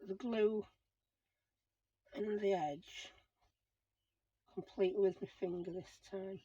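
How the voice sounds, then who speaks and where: A woman's voice: mid-range voice, fairly even intonation, slow, warm tone, husky, dry recording, lo-fi sound. A middle-aged woman, chatting to herself as she works on a craft project and explains each step. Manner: chatty, self-talking while working. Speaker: crafting channel host. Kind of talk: casual crafting commentary.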